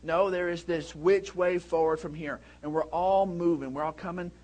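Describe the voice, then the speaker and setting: A man in his thirties preaches with a rather high voice for a man. He tells his stories in a lively, animated way and breaks into loud shouts when he acts out scenes. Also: moderate pace. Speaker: pastor. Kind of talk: sermon.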